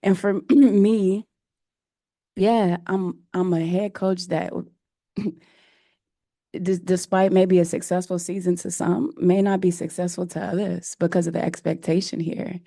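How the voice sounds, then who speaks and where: A woman head coach answering press conference questions in an earnest, emotional way, often pausing with fillers. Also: fairly low pitch, level tone, vocal fry, mellow, no echo, studio quality. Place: press room.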